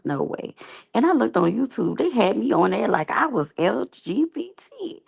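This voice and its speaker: A woman's voice: mid-range voice, big pitch swings, moderate pace, gravelly, husky. A woman giving candid, rambling, slangy commentary as a reality TV reviewer. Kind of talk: casual unscripted commentary.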